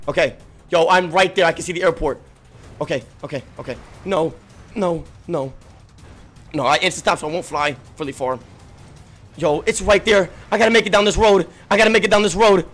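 A young man streaming a game, talking frantically and swearing, swinging from low muttering to yelling, and getting out of breath. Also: expressive, brisk, soft background music. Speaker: gaming streamer. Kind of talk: frantic live gameplay commentary.

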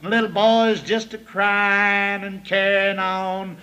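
A man's voice: high voice, flat delivery, slow pace, pushed and bright. A man doing a crude stand-up routine, laughing at his own jokes before a live audience. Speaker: stand-up comedian.

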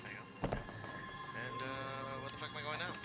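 A gaming YouTuber does casual Let's Play commentary on a horror game, joking, reacting aloud and swearing often. His voice sits on the high side and moves fast, captured in a rough recording over loud music.

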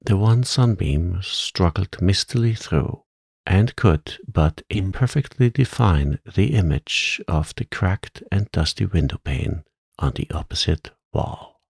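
A man reading a bedtime story aloud in a calm, soft-spoken, soothing manner. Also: low voice, slow, vocal fry, slightly rough, no room sound.

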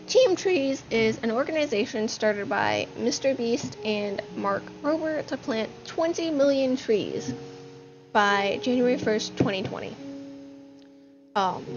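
A woman's voice: a little high, darkish tone. Chatty woman narrating a game, music behind. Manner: chatty, upbeat, with fillers. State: out of breath. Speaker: gaming channel host. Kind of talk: casual gaming narration. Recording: dull lo-fi sound with music behind.

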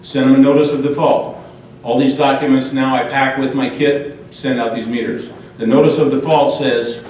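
A man's voice: mid-range voice, flat delivery, normal speed, a little mellow, slight background noise. A man giving an impassioned public talk at a forum, speaking emphatically and addressing the audience directly. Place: large echoey hall. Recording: dull, echoey, far-off hall recording.

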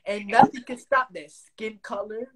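A man's voice: high-pitched, steady tone, a little slow, breathy edge. A young man hosting a casual phone livestream, bragging and trading insults with a caller in a brash, taunting way. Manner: brash, trash-talking, repetitive taunts. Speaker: livestream host.

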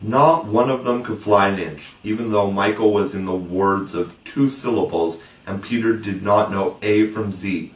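Male audiobook narrator, low voice, expressive storybook reading; echoey room. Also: normal speed, few pauses. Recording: roomy, distant mic.

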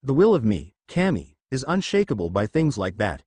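A man's voice: medium pitch, big pitch swings, moderate pace, a little mellow, slightly rough, no echo. A man reading the lines of an arrogant teenage boy who believes he is a god, speaking with scorn and condescension in his own voice. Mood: contemptuous.

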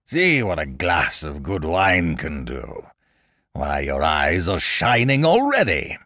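A man voicing a cruel, blustering king with loud, mocking, drawn-out speech in a dramatic audiobook reading. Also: sits low, wildly swooping pitch, no room sound, clean studio sound, full character voice. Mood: gloating. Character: cruel, blustering middle-aged male king.

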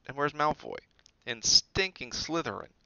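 A man doing an earnest, hushed schoolboy hero. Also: medium pitch, very animated, a little slow, creaky, clear, resonant tone, no echo, dull audio, voice pushed up, exaggerated voice.

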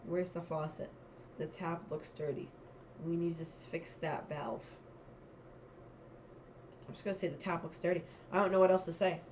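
A woman's voice: on the low side, fairly even intonation, moderate pace, long pauses, background noise. Chatty young woman musing aloud. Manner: chatty, thinking aloud, reads questions then muses. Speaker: vlogger. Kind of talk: casual quiz commentary.

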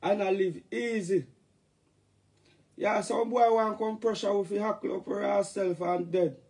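High gravelly Jamaican man ranting. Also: measured pace. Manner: animated, joking, Jamaican patois. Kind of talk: casual livestream rant.

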